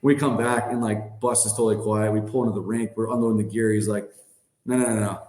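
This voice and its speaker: A man's voice: lowish voice, steady tone, quick pace, a little mellow. A man in his thirties, a former hockey player as a podcast guest, telling stories in a loose, rambling way full of "like" and "you know". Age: 30s. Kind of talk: casual storytelling. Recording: roomy echo.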